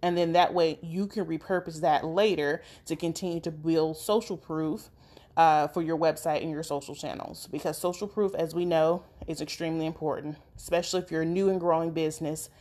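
Low-voiced woman teaching business tips. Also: fairly even intonation, a little fast, warm tone. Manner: direct, practical advice with fillers. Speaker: business coach. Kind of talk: instructional talk.

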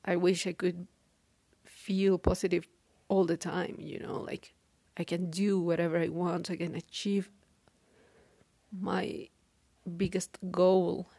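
A woman talking through a halting, weary personal diary monologue, with many restarts. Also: on the low side, flat delivery, vocal fry, mellow, husky, dry recording. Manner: weary, downcast. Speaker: podcaster.

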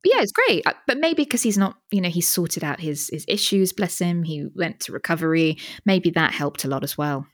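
Speaking at normal speed with few pauses, a British podcast co-host uses an expressive, low-leaning voice in a dry recording. Her casual, enthusiastic chat goes into a studio microphone with a pop filter, and she frequently restarts sentences.

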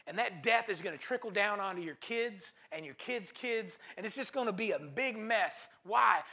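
Male pastor, high bright voice with gravel, emphatic sermon with repeated lines and calls to the crowd. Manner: emphatic, repeats phrases for stress; calls to the congregation.

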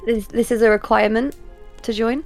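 A woman's voice: on the high side, steady tone, brisk, soft background music. A woman playing a tabletop game, narrating her character's actions hesitantly. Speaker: player. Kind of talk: tabletop role-play.

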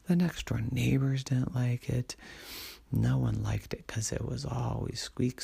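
A man telling a whispered bedtime story in a soft, hushed, lulling way. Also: mid-range voice, fairly even intonation, unhurried, creaky, slightly rough.

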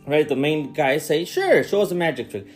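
Animated man recapping a baffling movie. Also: fairly high pitch, normal speed, soft background music. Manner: animated, incredulous storytelling with swearing. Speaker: podcast co-host. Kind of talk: casual movie recap chat.

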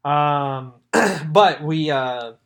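Easygoing young man chatting. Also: a little high. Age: young adult. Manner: easygoing, quick to laugh. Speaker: podcast co-host. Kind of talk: casual chat.

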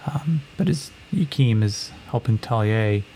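A man's voice: mid-range voice, measured pace, dark tone, slight background noise, low-quality recording. A man narrating a solo tabletop role-playing game as game master, casual and full of fillers, swearing now and then.

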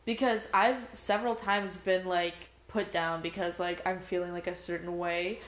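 A young woman chats in a lively, animated way, laughing often and acting out quoted lines. Her voice has a middling pitch for a woman. The room gives her speech a clear echo. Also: normal speed. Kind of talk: casual podcast chat. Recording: echoey room.

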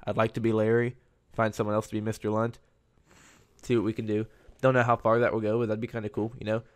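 A man with a lowish voice rambles through a solo podcast episode in a loose, chatty way. His delivery stays fairly flat, with little rise and fall. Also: fast talker, smooth. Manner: rambling and conversational. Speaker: podcast host. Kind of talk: casual solo podcast monologue.

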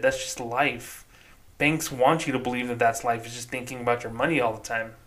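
Man, podcast host, casual rant, swearing, rambling, mid-pitched voice. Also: sharp tone. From New Mexico, United States. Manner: profane, exasperated, rambling.

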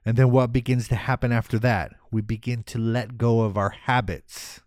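A man giving a motivational talk, energetic and rhetorical, often asking "right?". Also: mid-range voice, moderate pace, no room sound, studio quality. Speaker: motivational speaker.

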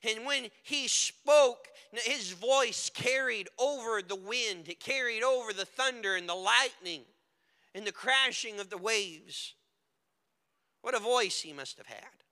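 A man preaching a dramatic sermon, swinging from hushed words to loud cries. His voice is very high and bright. It rings through a large hall with a long reverb tail. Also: slow.

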